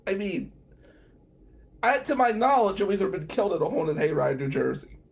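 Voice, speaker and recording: Male host, 40s, sarcastic comic storyteller, very lively delivery. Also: high voice, a little fast, vocal fry. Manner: sarcastic, animated. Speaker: podcast host. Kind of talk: comedic storytelling.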